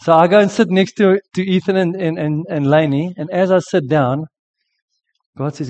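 A man's voice: a little high, moderate pace, a little mellow, big-room sound, highs cut off. A South African man in his forties, sick with a sore throat, telling an earnest sermon story with frequent restarts. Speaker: preacher. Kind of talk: sermon testimony.

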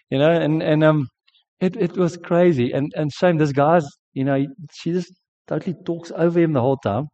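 On a dull lo-fi recording, a pastor with a South African accent preaches a sermon, chatting and telling stories while restarting often. His mellow voice is fairly high and paced at normal speed.

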